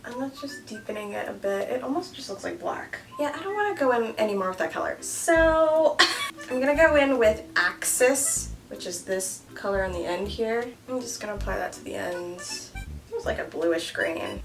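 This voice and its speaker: A woman's voice: medium pitch, normal speed, distant mic, faint music behind. A woman in her thirties with a Canadian accent, chatting casually and jokingly through a makeup tutorial. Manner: playful, joking, animated. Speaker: beauty vlogger.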